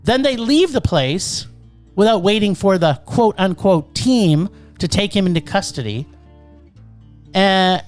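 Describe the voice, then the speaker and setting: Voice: medium pitch, a little slow, soft background music. A podcast co-host giving a sarcastic, ranting movie review in casual chat. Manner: animated, sarcastic ranting critique.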